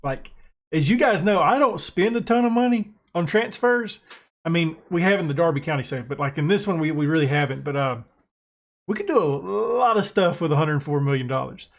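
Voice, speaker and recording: American guy, gaming commentary, excitable, self-mocking, a bit high-voiced. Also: brisk. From United States. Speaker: gaming YouTuber. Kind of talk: casual gameplay commentary.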